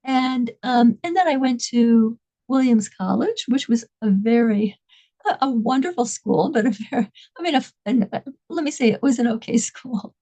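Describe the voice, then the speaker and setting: A woman telling a story in a halting way, often repeating and restarting her words. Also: a little high, animated, dark tone, rough recording. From United States, New York and Massachusetts. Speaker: religious speaker. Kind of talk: storytelling talk.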